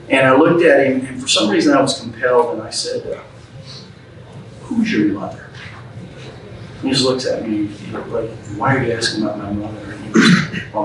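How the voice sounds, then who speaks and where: Against a noisy background, a man with a medium-pitched voice speaks from a distance in an echoey room. Invited as a guest speaker at a club, he spins a folksy, plainspoken story and performs the quotes.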